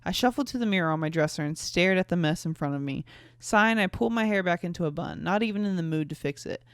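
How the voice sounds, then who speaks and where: A woman's voice: fairly low pitch, animated, fast, clear, resonant tone, no echo, clean studio sound. A tipsy young woman from North Carolina, hosting a podcast and reading her teen fanfic aloud with giggly, self-mocking asides. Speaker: podcast host.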